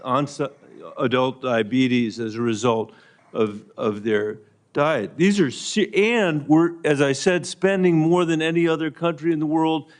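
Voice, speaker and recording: A man's voice: fairly high pitch, unhurried. A man, a senator, questioning a nominee at a hearing in a pointed, insistent yes-or-no manner.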